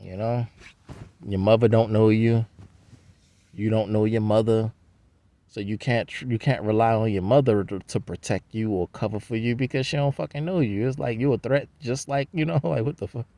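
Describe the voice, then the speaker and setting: Gravelly man rambling in slang. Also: fairly low pitch, fairly even intonation, normal speed, dark tone. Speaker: vlogger. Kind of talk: rambling casual monologue.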